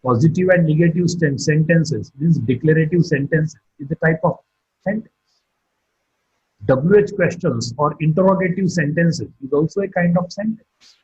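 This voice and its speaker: A man giving a phonetics lecture online, speaking slowly and deliberately and repeating example sentences with stress on the last word. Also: a little high, a little mellow, slightly rough. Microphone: computer or phone mic for online class. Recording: dull, muffled lo-fi audio.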